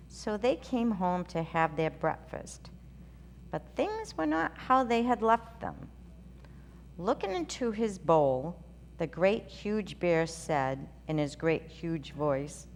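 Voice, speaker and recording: A woman hosting a children's story show, reading a storybook aloud in a gentle, sing-song way. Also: sits low. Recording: reverberant room with faint hum.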